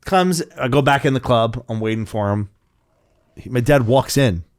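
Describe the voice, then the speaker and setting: Profane, animated storytelling man. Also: medium pitch, moderate pace. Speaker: podcast co-host. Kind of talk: casual storytelling chat.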